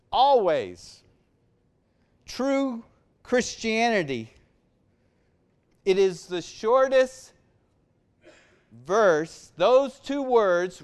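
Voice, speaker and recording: A man preaching a sermon, emphatic and deliberate, swinging between loud stressed phrases and quiet soft-spoken stretches. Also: high-pitched, smooth.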